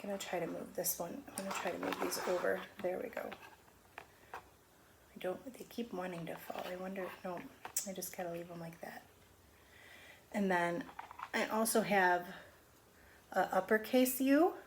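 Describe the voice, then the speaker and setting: Woman teacher sounding out letters slowly. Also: on the low side, steady tone, gravelly, background noise. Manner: slow, drawn-out sounding of letters. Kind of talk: phonics lesson on video. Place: home. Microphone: camera on video.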